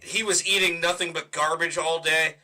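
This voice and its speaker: Man, podcast co-host, casual chat, agreeable, chimes in, bright forceful tone, a bit high. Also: fairly even intonation, normal speed.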